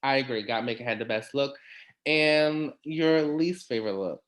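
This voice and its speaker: A man hosting a casual recap chat, talking in a chatty, animated way with quick asides and laughs. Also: medium pitch. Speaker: podcast host.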